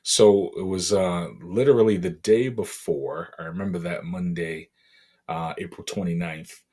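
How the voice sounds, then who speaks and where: A middle-aged man from Boston, a podcast guest, telling a painful personal story in a halting, emotional way with many fillers. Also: deep voice, steady tone, mellow. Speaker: interview guest.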